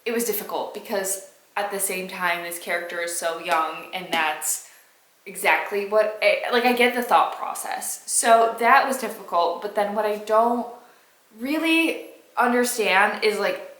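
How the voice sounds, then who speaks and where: A woman's voice: mid-range voice, moderate pace, a bit bright, echoey room, poor audio. A woman in her twenties talking casually in a reading vlog, frank and exasperated, swearing freely as she gives her opinions. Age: 20s. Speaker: book vlogger.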